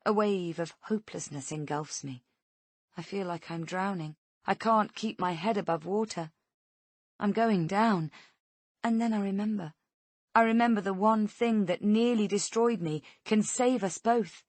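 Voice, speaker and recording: A woman narrates a tense first-person thriller in a steady reading voice that sits a little low. The recording is close and dry, with no room sound. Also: a little slow, no room sound. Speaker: audiobook narrator.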